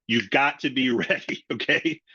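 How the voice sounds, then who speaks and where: A middle-aged man coaches salespeople in a lively webinar talk and keeps acting out both the caller and the customer in his own voice. The audio is dry and a little dull and lo-fi. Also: medium pitch, moderate pace, breathy edge, no echo. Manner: animated, acts out both sides of sales calls. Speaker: sales trainer.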